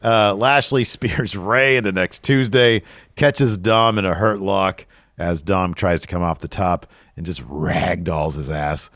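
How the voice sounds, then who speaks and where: A man co-hosting a podcast, recapping wrestling in casual chat and jumping up in pitch when he gets riled. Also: unhurried, no echo, clean studio sound. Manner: excitable, jumps high when riled. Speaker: podcast co-host.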